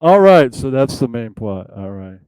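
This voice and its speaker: A man's voice: mid-range voice, big pitch swings, normal speed, darkish tone, clean tone, dry recording, low-quality recording. A man hosting a casual comedic puppet show, loosely rambling through the plot.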